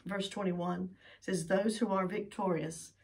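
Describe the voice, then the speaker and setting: A woman's voice: mid-range voice, steady tone, unhurried, a little mellow, distant mic. An older woman giving an earnest, pleading sermon as a Bible teacher, with emphatic sighs of "oh".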